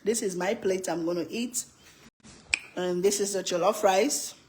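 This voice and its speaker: Chatty, playful cooking-show mom. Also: female voice, mid-range voice, unhurried, darkish tone, a little hiss or hum. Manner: chatty, playful, laughs often. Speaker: cooking channel host. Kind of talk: casual livestream cooking chat.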